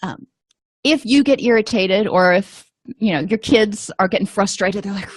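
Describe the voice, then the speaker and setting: Calm woman giving advice, dry sound. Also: medium pitch, normal speed, husky, no echo. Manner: calm, explanatory, with frequent ums and you-knows. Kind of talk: casual advice talk.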